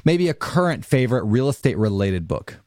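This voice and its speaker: Fast-talking upbeat male co-host. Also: medium pitch, big pitch swings, a little mellow, no echo, studio quality. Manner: upbeat, joking. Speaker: podcast co-host. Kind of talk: casual interview chat.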